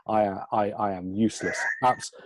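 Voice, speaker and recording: A man's voice: fairly low pitch, steady tone, moderate pace, no room sound. A man hosting a casual chat, talking about his fears in a chatty, self-mocking way. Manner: chatty, keeps asking "right?". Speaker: host. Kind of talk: casual pub-style chat.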